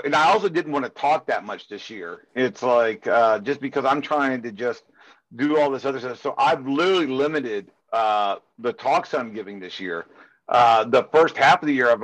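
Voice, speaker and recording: In a rough recording, a man who speaks at security conferences chats casually in an interview, his medium-pitched, slightly bright voice moving at a moderate pace. He drifts into passionate, rambling rants loaded with the filler "it's like."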